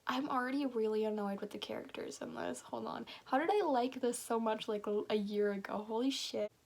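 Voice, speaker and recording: A woman's voice: on the high side, fairly quick, creaky, a little mellow. A young woman reading a story aloud on her channel, breaking off with casual, sarcastic, sweary commentary. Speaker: YouTuber.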